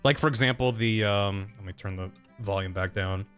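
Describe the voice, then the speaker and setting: A man streaming and narrating a comedic recap in an animated, rambling, self-mocking way. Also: lowish voice, normal speed, faint music behind.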